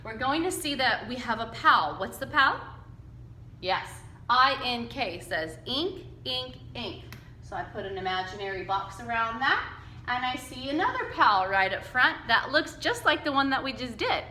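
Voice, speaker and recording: A woman teaching a phonics lesson to young children, slowly and patiently sounding out letters and word chunks for them to repeat. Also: a little high, sing-song, bright, forceful tone, echoey room, a little hiss or hum. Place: classroom with whiteboard.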